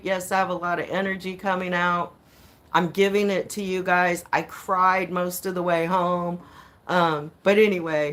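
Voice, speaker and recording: A woman's voice: medium pitch, takes it slowly, long pauses. Indignant woman recounting a court fight. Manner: animated, indignant, swears, acts out quoted exchanges. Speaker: vlogger recounting her court case. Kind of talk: casual storytelling to viewers.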